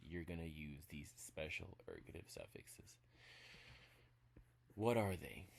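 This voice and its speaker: A man giving a casual spoken language lesson, walking through examples step by step in a relaxed way. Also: low-pitched, gravelly. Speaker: language teacher.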